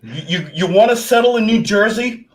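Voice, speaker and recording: A man's voice: high voice, fairly quick. Rambling man hosting. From Kentucky, USA. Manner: rambling, animated storyteller. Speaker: host. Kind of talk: casual livestream chat.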